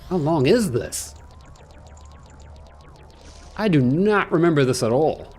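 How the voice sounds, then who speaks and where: A man casually commentating his video game playthrough, excitable and jokey, rambling with panicky outbursts. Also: fairly high pitch, slow pace, a little hiss or hum. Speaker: gaming channel host. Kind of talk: casual let's-play commentary.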